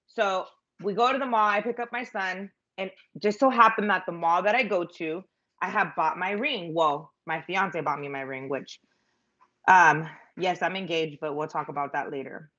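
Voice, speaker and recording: A woman's voice: on the low side, moderate pace, a bit bright, lo-fi sound. A middle-aged woman rambling through a story on a live stream, chatty and self-mocking, with lots of fillers. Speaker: vlogger telling a story.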